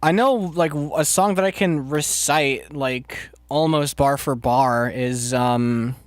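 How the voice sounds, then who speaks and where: Chatting loosely with his live chat, this streamer rambles, swears, and uses plenty of fillers while answering viewers. He talks slowly in a mid-range voice, and there's no room sound.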